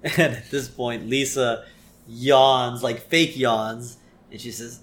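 A man talks through a cartoon episode scene by scene in an easy, chatty way and laughs often. His voice stays in a plain middle range, relaxed and unforced. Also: mid-range voice, slow, slight background noise. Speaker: podcast co-host. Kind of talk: casual episode recap chat.

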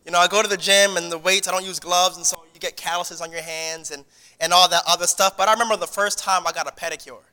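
A man's voice: sits high, fairly even intonation, fast, bright, forceful tone, long reverb tail. A man preaching a sermon to his congregation in a conversational style, repeating words and restarting phrases as he goes. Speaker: pastor. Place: church sanctuary.

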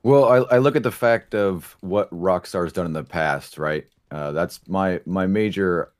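A man with an extremely deep voice talks as a relaxed stream guest, answering at length in a laid-back way. His voice is dry and close, with no room sound. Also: unhurried, dry recording. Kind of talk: casual interview talk.

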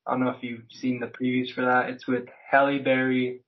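A man's voice: medium pitch, monotone, brisk, dull audio. A man as a podcast guest, chatting casually in a laid-back way, swearing and using many "like" fillers. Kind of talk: casual chat.

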